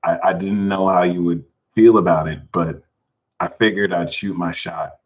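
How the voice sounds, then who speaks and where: A man's voice: sits low, steady tone, normal speed, poor audio. A man hosting a casual livestream, talking animatedly, laughing a lot and reading viewers' names from the chat. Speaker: livestream host.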